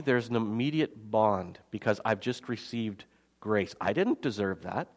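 A man preaching a sermon as pastor, swinging between loud emphasis and quiet, soft asides. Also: lowish voice, sing-song, normal speed. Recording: long hall reverb.

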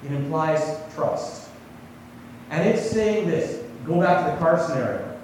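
A male pastor gives a sermon in a relaxed, conversational way, often turning to his listeners with questions. His voice sits a little high and moves with a lot of lift and fall. He sounds distant from the microphone, with a long hall echo around him. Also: a little slow, a little hiss or hum. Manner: conversational, asks the congregation questions. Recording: echoey hall, voice from far off.

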